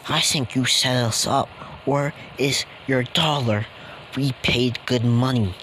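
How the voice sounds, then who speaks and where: A man voicing rowdy male gang thugs who taunt and threaten in a loud, raised voice while telling a fan story. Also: mid-range voice, fairly even intonation, slow pace, a little hiss or hum, low-quality recording. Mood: accusing. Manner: brash, taunting.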